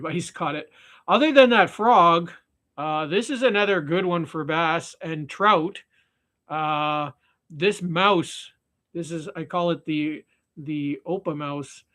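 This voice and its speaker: On his live stream, the Canadian man's voice comes across high, bright, and forceful as he casually chats and ties flies. His talk is rambling, with frequent restarts, fillers, and sentences left hanging.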